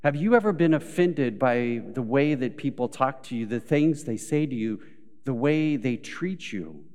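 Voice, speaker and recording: Unhurried male pastor in a reverberant church. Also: mid-range voice, expressive, a little mellow. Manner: storytelling with acted quotes, rising to emphatic peaks. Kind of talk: sermon. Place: church sanctuary. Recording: live church recording with long hall reverb.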